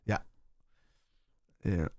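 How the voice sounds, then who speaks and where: A man's voice: very slow, dark tone, no echo, clean studio sound. A man with an Irish accent hosting a livestream football watchalong. He argues bluntly with viewers in the chat and swears casually. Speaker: host.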